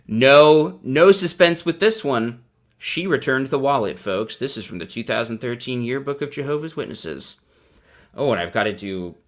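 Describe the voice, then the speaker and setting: A man's voice: mid-range voice, fairly bright tone. A man hosting a casual livestream, reading out anecdotes and riffing on them with sarcastic, self-deprecating asides. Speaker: host of a commentary channel.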